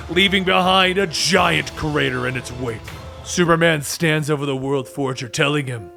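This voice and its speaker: A man with a fairly high, gravelly voice narrates a comic book story. His delivery is dramatic and rushing, and it builds to shouts, with faint music underneath.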